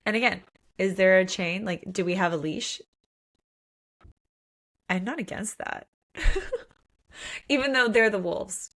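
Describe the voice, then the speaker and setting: Woman, podcast co-host, casual and animated, laughs a lot, average pitch. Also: a little slow, long pauses. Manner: animated, laughs often, acts out quotes. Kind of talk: casual book discussion.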